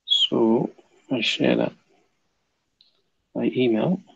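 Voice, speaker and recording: A man with a gravelly, creaky voice hosts a casual livestream from his desk. He mutters to himself while setting things up and chats with viewers between comments. The recording is dry and dull, with a lo-fi edge. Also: medium pitch, drawn-out words, fairly bright tone, no echo. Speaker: livestream host.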